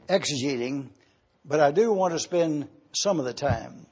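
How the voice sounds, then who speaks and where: Husky man preaching a Bible-study sermon. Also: fairly high pitch, darkish tone, dull audio. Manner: spells out Greek words letter by letter. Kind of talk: expository sermon.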